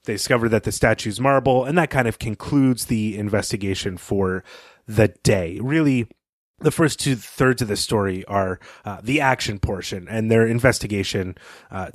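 A man's voice: fairly low pitch, normal speed, dry recording, clean studio sound. Laid-back man recapping a story. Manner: conversational, with fillers and occasional laughs. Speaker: podcast co-host recapping a story. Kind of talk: casual book discussion and recap.

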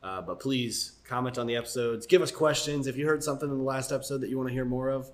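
A man's voice: medium pitch, fast. A young man co-hosting a casual podcast, talking in a laid-back way with lots of fillers and chuckles as he tells a joke. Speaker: podcast co-host.

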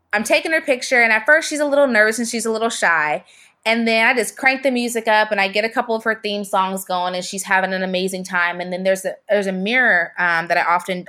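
A woman's voice: medium pitch, fairly bright tone. Young woman guest, chatty storyteller, talks in loose restarting sentences. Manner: chatty, with many fillers and restarts. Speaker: photographer and podcast guest. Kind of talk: casual storytelling.

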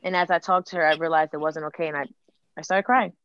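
A woman's voice: deep voice, fast talker, smooth, no echo, muffled recording. A woman in her late twenties talking candidly and openly in conversation, telling stories with acted-out quotes. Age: late 20s. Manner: open, animated storytelling with acted quotes.

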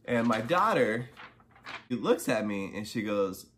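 A podcast host with a lowish, sing-song voice tells a personal story at a slightly slow pace. His tone is a bit bright and there's slight background noise. He's casual and chatty, packing in "you know" and "right?" asides, and he gets heated when angry.

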